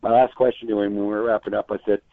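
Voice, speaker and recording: A man's voice: on the low side, little pitch movement, rapid-fire, no room sound. Man, entertainment reporter, casual storytelling, phone-line sound, dry. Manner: chatty storyteller with frequent restarts.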